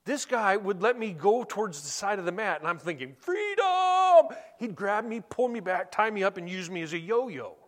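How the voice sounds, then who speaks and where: Animated middle-aged preacher, slightly high voice. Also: male voice, a little fast, hardly any pauses. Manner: storytelling, animated and conversational. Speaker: pastor. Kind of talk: sermon.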